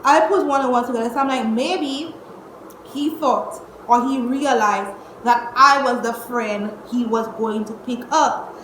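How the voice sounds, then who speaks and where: A young woman, telling a storytime vlog at home in an exasperated, animated way, cursing and using slang. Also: fairly high pitch, measured pace. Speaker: vlogger. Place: indoors at home. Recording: echoey room with faint noise.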